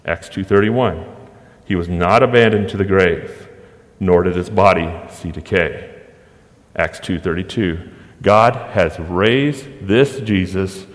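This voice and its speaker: A man preaching a sermon as pastor, emphatic, with rhetorical questions and dramatic pauses. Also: fairly low pitch, in a large hall.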